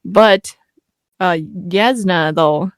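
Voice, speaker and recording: A woman's voice: fairly low pitch, extremely slow, clear, resonant tone, dry recording, studio quality. A woman co-hosting a casual book-discussion podcast, teasing and giggling as she argues her theory, on a microphone. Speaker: podcast co-host. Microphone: studio mic.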